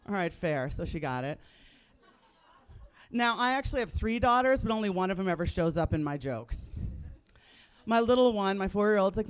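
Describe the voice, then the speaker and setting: A woman's voice: mid-range voice, expressive, moderate pace. A woman in her thirties performing a live stand-up comedy set, blunt and profane, landing wry punchlines. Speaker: stand-up comic. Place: live comedy stage before an audience.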